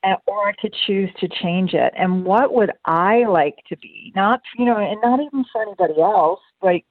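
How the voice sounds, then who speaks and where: A woman hosting a casual interview, asking slow, reflective questions. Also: mid-range voice, no room sound. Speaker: host. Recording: dry, phone-like narrow band.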